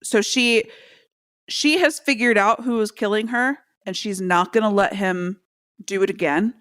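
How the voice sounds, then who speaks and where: A woman co-hosting a podcast, talking through a movie in relaxed casual chat, with lots of filler likes. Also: medium pitch, a little slow, no echo, studio quality. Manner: chatty and reflective, many filler likes. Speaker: podcast co-host. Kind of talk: casual chat about a film.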